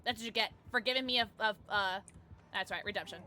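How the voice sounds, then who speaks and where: A woman live-streaming gameplay, talking to chat, excitable, shrieking and laughing, swearing freely. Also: mid-range voice, quick pace, a little hiss or hum. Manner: chatty, swears, thanks chat.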